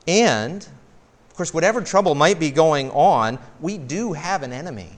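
A male pastor delivers an earnest sermon in a voice pitched a little high. He slows down to lean on key phrases and sometimes repeats a word as he starts a thought. His voice rings out with the long reverb of a church hall. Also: lively intonation.

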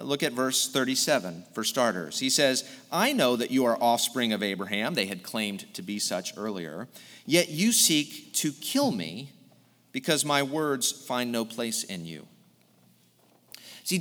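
A man's voice: medium pitch, pushed and bright. A male pastor preaching an earnest sermon, explaining a text verse by verse. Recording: long hall reverb.

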